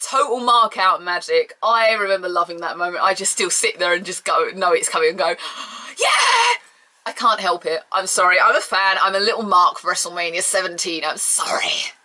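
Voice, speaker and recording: A woman's voice: on the low side, a little fast, hardly any pauses, sharp tone. A woman reviewing an old wrestling event in a casual, rambling way, gushing as a fan and apologizing for her tangents.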